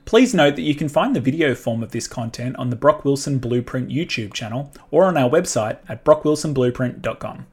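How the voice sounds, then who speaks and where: A man's voice: medium pitch, lively intonation, a little fast, few pauses, slightly rough. A man, a career coach and podcast host, talking to camera in an emphatic, direct way full of rhetorical questions. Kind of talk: motivational solo talk to camera.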